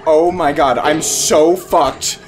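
A man giving casual gaming commentary, swearing a lot and swinging from low muttering to panicked yelling. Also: slow, over music. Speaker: gamer streaming a co-op horror game.

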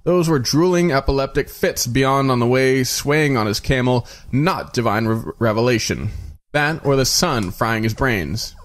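A man's voice: medium pitch, lively intonation, measured pace, lightly acted. A man voicing a scornful, blunt Hindu pandit who dismisses rivals in an audiobook reading.

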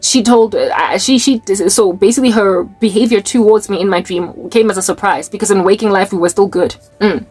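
A woman's voice: mid-range voice, fairly quick, hardly any pauses, darkish tone, husky, soft background music. A South African woman giving an emphatic, preachy personal testimony, repeating key phrases for stress. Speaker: Christian vlogger.

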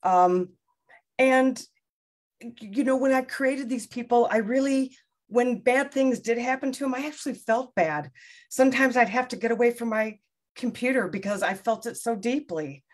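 A woman's voice: on the high side, moderate pace. Middle-aged woman author, chatty and self-deprecating, restarts often; casual interview. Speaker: debut novelist being interviewed.

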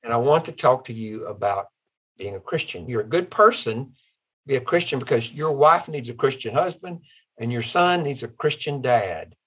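A man's voice: mid-range voice, lively intonation, normal speed, a bit bright, husky, lo-fi sound. A man quoting a kind, earnest old retired woman teacher in his own voice.

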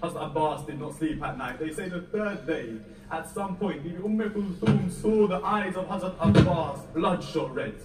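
In a roomy, echoey hall, a mosque or community hall, the mic catches from afar a high-pitched male lecturer reciting Masa'ib during a Muharram majlis lecture. He narrates a story tearfully and fervently at normal speed with few pauses, climbing to near-wailing at emotional peaks.

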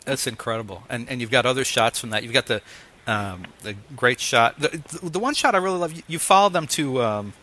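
A man in his fifties hosting an interview, telling stories in an animated way and laughing often. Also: mid-range voice, a little fast. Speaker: host. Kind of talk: casual interview chat.

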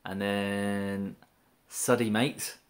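A man eating on a livestream, dry and low-key, reading out viewer comments between bites. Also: little pitch movement, extremely slow. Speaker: mukbang co-host reading chat. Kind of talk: casual chat while eating on a livestream. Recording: roomy echo.

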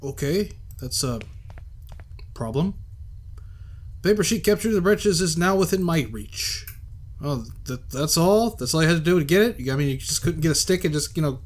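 A man's voice: a little high, lively intonation, normal speed. Casual man narrating a game playthrough. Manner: casual, muttering, bursts into exasperated ranting. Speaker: gaming video host. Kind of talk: let's play commentary, reading game text aloud.

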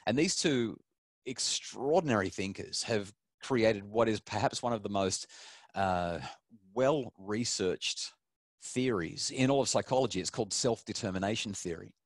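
A middle-aged man, an animated storyteller who restarts his sentences often as he gives parenting advice. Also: lowish voice, measured pace, no echo, clean studio sound. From Australia. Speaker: parenting expert. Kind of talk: talk to an online audience.

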